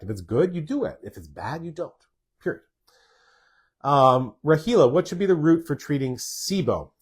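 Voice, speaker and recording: A man's voice: mid-range voice, slightly rough. A man, a doctor hosting a live stream, casually answers viewer questions and stresses points by repeating words.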